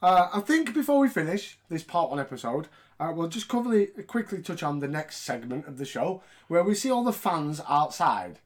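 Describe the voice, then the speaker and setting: A man's voice: fairly high pitch, sing-song, moderate pace. A man hosting a casual podcast, joking and swearing as he talks. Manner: joking, profane and mocking. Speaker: podcast host.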